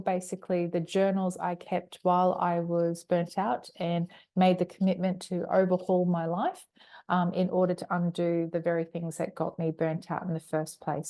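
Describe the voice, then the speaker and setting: A woman's voice: on the low side, warm tone. A woman interrupting her podcast to promote her own book, speaking in an informal and apologetic way. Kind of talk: spoken self-promotion.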